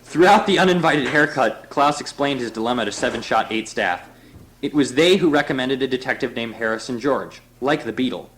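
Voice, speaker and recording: A man's voice: mid-range voice, animated, fairly quick, a bit bright, a little hiss or hum, low-quality recording. A man reading a novel aloud to a group in a loose, laughing way, breaking off for offhand asides. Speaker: reader.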